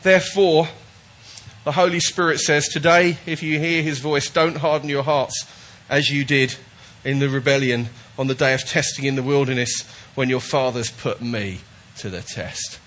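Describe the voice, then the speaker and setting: A man's voice: medium pitch, steady tone, normal speed, a bit bright. A man preaching a sermon to his church, emphatic and repetitive, often restarting his words. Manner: emphatic, repetitive, with false starts. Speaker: pastor.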